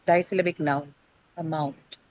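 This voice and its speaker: A woman's voice: low voice, fairly even intonation, moderate pace, a little mellow, dry recording, muffled recording. A woman teaching an English pronunciation lesson, patiently explaining and asking the class questions, often checking with "right?". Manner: patient, explanatory, asks questions then answers them, frequent "right?".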